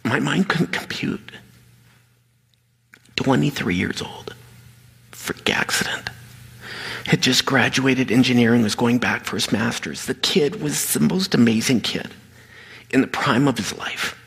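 A man's voice: mid-range voice, measured pace, creaky, a bit bright, breathy edge. A middle-aged man preaching a sermon, telling a story animatedly and dropping to a near whisper at emotional moments. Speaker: pastor. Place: large hall with audience. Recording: reverberant hall.

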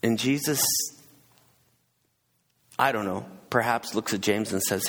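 A gravelly, husky-voiced man tells a story in a relaxed conversational sermon, pausing and restarting as he goes. His voice rings out with a long reverb in the hall. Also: lowish voice. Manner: casual, hesitant retelling with asides.

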